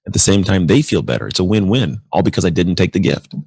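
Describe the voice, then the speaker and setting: Fast-talking deep-voiced man guest. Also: creaky, husky, no echo, clean studio sound. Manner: energetic, acts out quoted exchanges. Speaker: podcast guest. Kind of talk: casual interview talk.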